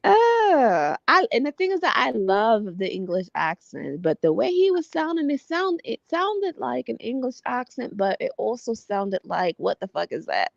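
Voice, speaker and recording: A woman co-hosting a podcast, chatting casually about celebrity gossip, animated and exclaiming, swearing freely. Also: on the high side, moderate pace, creaky, hardly any pauses, no room sound, highs cut off. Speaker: podcast co-host.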